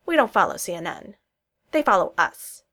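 A woman voicing an earnest, wry male politician in a story reading, speaking in a dry, measured way. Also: mid-range voice, very animated, fairly bright tone.

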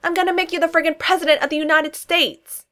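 A woman's voice: fairly low pitch, moderate pace. A woman voicing a brash, teasing male political aide in a story reading, boisterous and joking. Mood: exuberant. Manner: boisterous, joking, then suddenly intense.

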